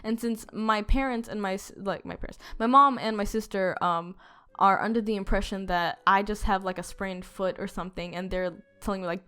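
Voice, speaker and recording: A woman's voice: medium pitch, normal speed, fairly bright tone, clear, resonant tone. A woman telling a story in a casual storytime vlog, rambling with lots of fillers and swearing. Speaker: storytime youtuber.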